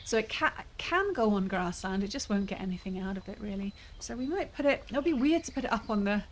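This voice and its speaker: A woman's voice: medium pitch, expressive, fairly quick, slight background noise. A woman streaming a cozy building game, chatting with viewers and thinking aloud as she plays. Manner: chatty, musing aloud, frequent laughs. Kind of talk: casual gameplay commentary. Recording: game music playing behind.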